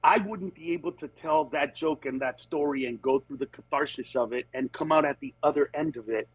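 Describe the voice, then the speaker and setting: A man, a comedian, talking casually in a conversational storytelling way, lively and quick to slip into impressions of other people, then earnest and steady on serious points. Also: fairly high pitch, slightly rough, no room sound, low-quality recording. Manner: animated, jumps into acted voices of others. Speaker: comedian guest on a talk show.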